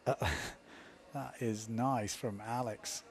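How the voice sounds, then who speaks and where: A man's voice: medium pitch, steady tone, slow pace, a little mellow. Chatty self-mocking male sports commentator. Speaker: windsurf commentator.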